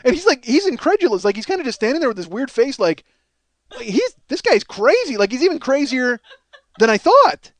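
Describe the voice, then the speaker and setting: A man with a strikingly high voice tells a comic road-rage tale as a podcast host. He rambles, swears constantly and laughs at his own bad behavior in a self-mocking way. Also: very animated, fairly quick, dry recording. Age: 40s. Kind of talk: comedic storytelling monologue.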